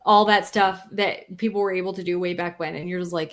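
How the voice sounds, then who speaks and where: A woman's voice: on the low side, little pitch movement, normal speed. A woman co-hosting a podcast, talking in an earnest, thoughtful way with many fillers. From Canada. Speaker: podcast co-host. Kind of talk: casual chat.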